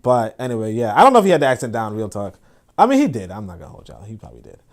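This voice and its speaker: Male stream host, loose slangy rambling delivery, lots of fillers, mid-pitched. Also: huge pitch swings, very fast. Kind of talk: casual livestream chat.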